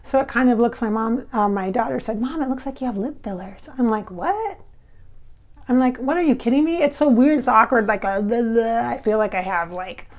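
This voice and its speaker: Giggly woman with some vocal fry. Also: fairly high pitch, a little fast, darkish tone. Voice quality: slightly blurred S sounds from clear braces. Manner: chatty and giggly, many fillers and restarts. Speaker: spiritual medium and channel host. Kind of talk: casual chat to camera. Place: at home.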